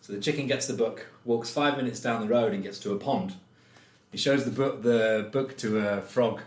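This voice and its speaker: A man co-hosting a podcast in casual chat, playful and quick to laugh, fond of telling jokes. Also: medium pitch, roomy sound. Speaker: podcast co-host.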